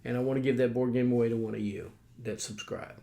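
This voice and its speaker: A man's voice: mid-range voice, steady tone, quick pace, gravelly, dark tone. A man with a country accent, hosting a casual board game chat with a folksy, rambling manner full of fillers. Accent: American Southern rural. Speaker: host.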